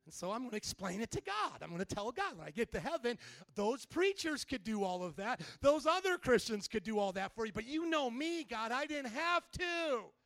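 Male preacher doing a stubborn busy mother, indignant and self-justifying, dry close sound, high voice. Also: very animated, moderate pace, fairly bright tone, no echo, faint music behind, exaggerated voice. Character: stubborn busy mother who puts family first.

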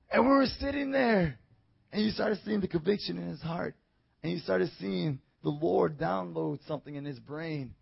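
A man preaching an evangelistic sermon, telling a story in low tones and then breaking into shouted praise. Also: moderate pace, vocal fry, slightly rough, muffled recording.

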